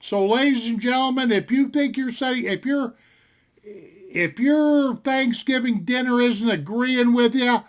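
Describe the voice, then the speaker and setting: Folksy older man, very high-pitched speaking voice, rambling anecdote told straight to camera. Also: a little slow. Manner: folksy and rambling, with many fillers. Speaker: storyteller. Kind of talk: casual storytelling to camera. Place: home desktop setup.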